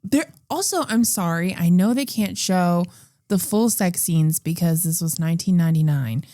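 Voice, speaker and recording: A woman's voice: on the low side, moderate pace, dark tone, dry recording. Woman podcaster, crude and blunt, laughs a lot, dry close sound. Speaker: podcast co-host. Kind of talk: casual comedic chat.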